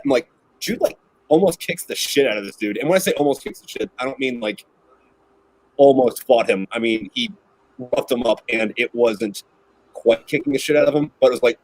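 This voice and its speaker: A man trades crude barracks stories in relaxed podcast chat, laughing and swearing freely. His voice sits at an average pitch, recorded dry and close with no room sound. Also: fairly quick, no room sound, rough recording. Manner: profane, laughing anecdotes. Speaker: podcast guest. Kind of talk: casual storytelling chat.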